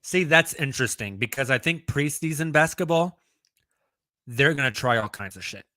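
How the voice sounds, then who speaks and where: A man co-hosting a sports podcast, talking through his thinking in a relaxed, conversational way. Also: medium pitch, moderate pace, no room sound, clean studio sound. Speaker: podcast co-host. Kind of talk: casual sports chat.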